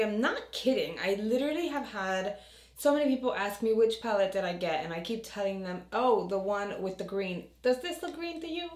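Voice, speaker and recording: A woman beauty vlogger in a casual, chatty makeup tutorial, talking to the camera in her low morning voice and joking about herself. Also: roomy sound. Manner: chatty, self-deprecating, talks to the camera.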